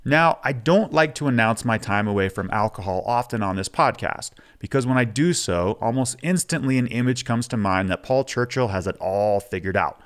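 A man's voice: on the low side, clean tone. A man hosting a podcast, talking frankly and casually, with some swearing. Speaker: podcast host. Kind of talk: candid podcast monologue.

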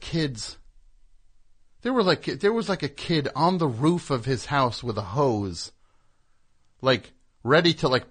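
A man from New Jersey hosting a comic call-in radio show, telling rambling stories with deadpan sarcasm. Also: medium pitch.

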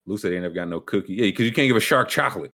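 A man co-hosting a casual chat, telling animated, slangy stories and acting out what other people said. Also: lowish voice, rapid-fire. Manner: animated storyteller, slangy, acts out quotes in voices.

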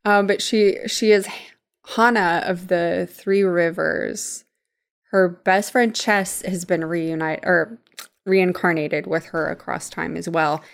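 A woman's voice: fairly low pitch, fairly even intonation, slow, creaky. A young woman co-hosting a casual chat, blunt and sardonic and swearing freely. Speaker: podcast co-host.

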